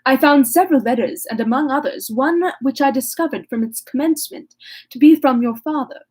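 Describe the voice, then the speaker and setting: A woman reading the part of a gentle older male magistrate from a classic novel, in a slightly breathy voice. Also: high-pitched, brisk. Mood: concerned.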